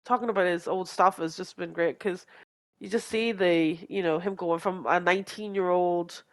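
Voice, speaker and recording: A woman's voice: lowish voice, steady tone, moderate pace. Woman, podcast co-host, casual chat, rambling, filler-heavy, laughs a lot. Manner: rambling, many fillers and restarts, laughs often.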